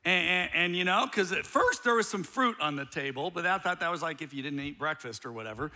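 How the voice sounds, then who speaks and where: A middle-aged man preaching a sermon as a pastor, telling a story with animated humor. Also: a little high, fairly quick.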